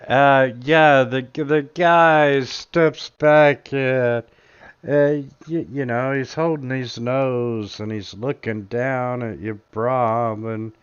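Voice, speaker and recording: A man runs a tabletop game, narrating slowly and haltingly with many fillers. His voice is very smooth and clear, but the mic sounds dull and lo-fi. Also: medium pitch, fairly even intonation. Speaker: game master.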